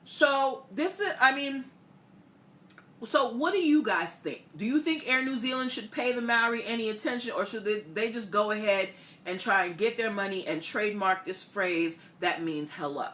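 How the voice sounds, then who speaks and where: A woman's voice: medium pitch, moderate pace, fairly bright tone. A woman hosting a casual live stream, chatting with viewers, asking their opinions and reading their comments aloud. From Haitian family. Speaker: host.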